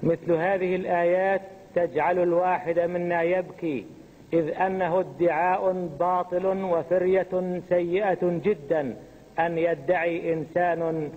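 A man interpreting a religious lecture for an audience, keeping a quick, steady flow behind the speaker. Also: sits high, slightly rough. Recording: tinny phone-like audio in a long-reverb hall.

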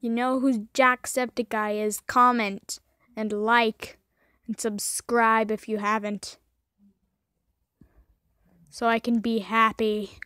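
A young woman with a high voice, narrating her gameplay in a slow drawl that keeps erupting into profane rants and yelps. The sound is dry and close, with no room around it. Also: level tone, sharp tone, clear, resonant tone, dry recording. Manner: profane, raging outbursts and shrieks. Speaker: gaming YouTuber. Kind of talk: gameplay commentary.

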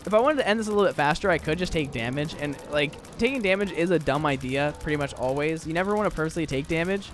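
A man's voice: fairly high pitch, animated, quick pace, few pauses, a bit bright, a little hiss or hum. A young man rambling through casual gameplay commentary, full of fillers and restarts. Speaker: gaming YouTuber.

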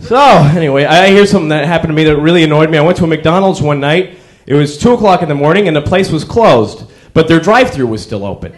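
A young man performing a stand-up comedy set, telling wry stories with sudden yells. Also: fairly high pitch, animated, fast talker. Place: comedy club stage before a live audience. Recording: crowd laughter behind. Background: audience laughter.

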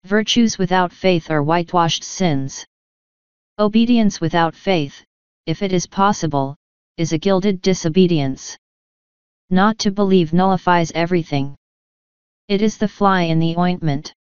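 A woman reading an old sermon aloud in a measured, declamatory manner. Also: on the low side, clean tone, dry recording. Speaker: sermon reader. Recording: dry, slightly dull lo-fi recording.

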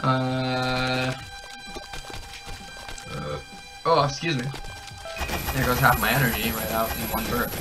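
A young man hyped up on energy drinks, narrating his gameplay, yelling and cackling at every death and win. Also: mid-range voice, unhurried, pauses often, faint music behind. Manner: excitable, shouts and cackles at the game. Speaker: gaming channel host. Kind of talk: hyper gameplay commentary. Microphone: desk mic with a camera nearby.

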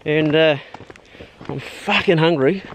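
Give me a man with a voice pitched a little high, giving casual commentary outdoors on a farm. He speaks bluntly, swears freely and talks to his dog as he goes. Faint outdoor noise sits behind him. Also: takes it slowly. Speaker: hunting vlogger.

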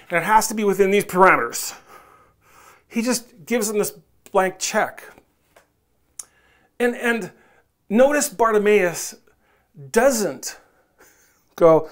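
A pastor preaching a sermon in a relaxed, conversational way, coaxing listeners and acting out the voices they might hear in their heads. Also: medium pitch, a little slow, long pauses. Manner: conversational, coaxing, asks the audience directly; acts out quoted inner voices.

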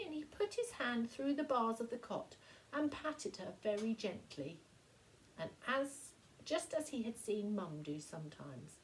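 Woman teacher, children's story read-aloud, slow and very expressive, lively melody. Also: fairly high pitch, a little hiss or hum, rough recording. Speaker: primary school teacher. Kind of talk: reading a picture book aloud to young children.

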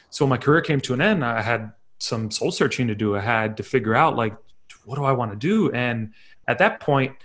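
A young man, a confidence coach, telling his personal story in a candid, reflective way, acting out his own past thoughts. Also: medium pitch. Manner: candid, reflective storytelling with acted-out inner quotes.

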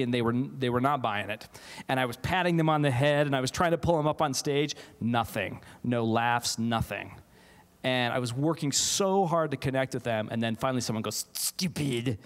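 A man, a theatre teacher, giving an animated keynote talk to a live audience, often laughing and restarting his sentences. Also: mid-range voice. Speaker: keynote speaker, theatre faculty member. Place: large auditorium, live audience. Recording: auditorium with long reverb.

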